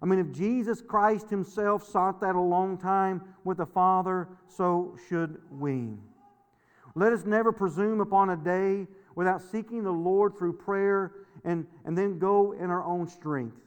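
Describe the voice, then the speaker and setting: A man's voice: high-pitched, fairly even intonation, measured pace, clean tone. A middle-aged male pastor preaching a sermon in a folksy, storytelling way, repeating words and laughing often. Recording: long hall reverb.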